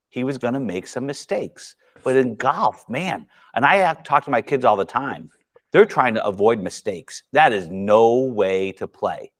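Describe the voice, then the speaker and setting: A man's voice: mid-range voice, normal speed. A man coaching golf at a seminar for fellow coaches, talking casually and acting out dialogue with his students. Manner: animated storyteller acting out dialogue.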